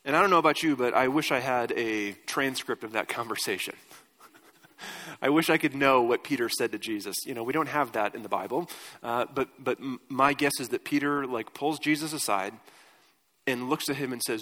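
A man's voice: mid-range voice, normal speed, bright, forceful tone. A man preaching a sermon as pastor in a conversational way, asking his congregation questions. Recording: reverberant church hall.

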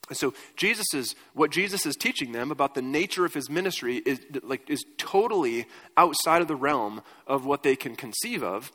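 A man's voice: on the high side, lively intonation, moderate pace, few pauses, sharp tone. A man preaching a sermon as pastor in a conversational way, asking his congregation questions. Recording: reverberant church hall.

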